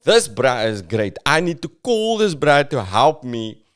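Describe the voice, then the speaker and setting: A South African man putting on a slangy, excited voice for God as a casual dude. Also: mid-range voice, measured pace, voice pushed up.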